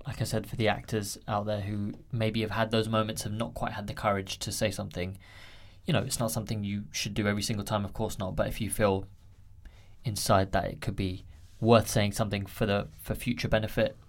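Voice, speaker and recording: A man's voice: fairly low pitch, flat delivery, fairly quick. A man hosting a podcast, asking long, earnest questions of his guest. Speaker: podcast host. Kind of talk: interview questions.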